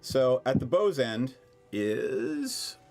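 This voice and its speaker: A man serves as game master for a tabletop session and describes the scene to his players. He talks in a chatty, halting way, often restarting his sentences. His voice sits at an ordinary middle pitch. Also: huge pitch swings, a little mellow, soft background music.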